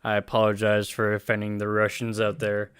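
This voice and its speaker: A man's voice: lowish voice, completely flat delivery, fairly quick, fairly bright tone, clear, resonant tone. A man chatting casually on a live stream, reacting to an anime and his chat in a rambling way, often restarting his sentences. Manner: rambling, self-correcting, laughs often.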